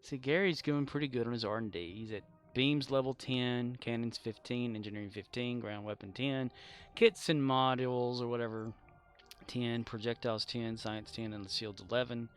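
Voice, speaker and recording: A man's voice: medium pitch, steady tone, normal speed, smooth. Laughing, joking male game streamer. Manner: joking, laughs often, rambling asides. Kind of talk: casual gameplay chat.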